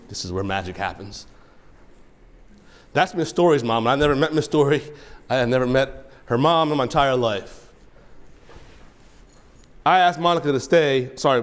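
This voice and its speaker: A male judge addresses a room of students in a courtroom, telling a story. His voice sits in the middle range and he drifts from hushed, choked-up moments to loud, excited bursts. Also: mid-range voice. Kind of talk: emotional speech to students.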